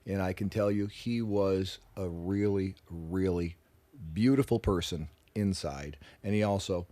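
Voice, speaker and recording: Deep-voiced profane rock musician. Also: male voice, unhurried. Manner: animated, profane, acts out quoted voices. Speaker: interview guest, rock musician. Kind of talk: casual radio interview storytelling. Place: radio studio.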